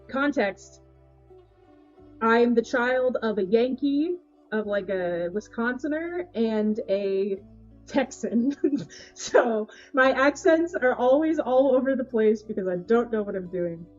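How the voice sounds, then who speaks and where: A woman streaming live, gushing and thanking her chat in casual, excitable talk. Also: a little high, slow pace, dull audio, soft background music. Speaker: Twitch cooking streamer.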